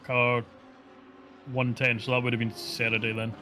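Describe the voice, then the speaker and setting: A man's voice: medium pitch, monotone, brisk. Dry-humored man co-commentating a race. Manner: dry, jokey, short agreeing interjections. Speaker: sim racing co-commentator. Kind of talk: casual live race commentary. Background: racing car engine noise.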